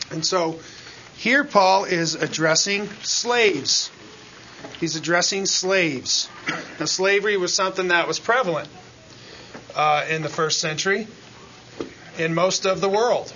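A man's voice: high voice, unhurried, long pauses, sharp tone, muffled recording, a little hiss or hum. A man teaching a Bible lesson as a sermon, speaking conversationally and often asking the congregation "right?" and "amen?". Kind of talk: expository sermon.

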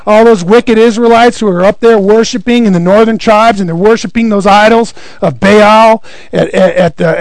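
A man's voice: high voice, no echo, low-quality recording. A man preaching a sermon in a conversational teaching way, often restarting and repeating words and checking in with his listeners. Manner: conversational, stumbles and repeats words, asks "right?". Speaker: pastor.

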